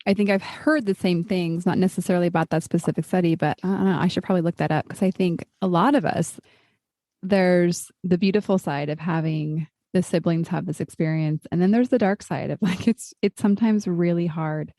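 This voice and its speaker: A middle-aged woman with a mellow, fairly low voice hosts a podcast. She thinks aloud and asks long, searching questions. The recording is dry and close. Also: steady tone, a little fast, dry recording. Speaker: podcast host. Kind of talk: conversational interview.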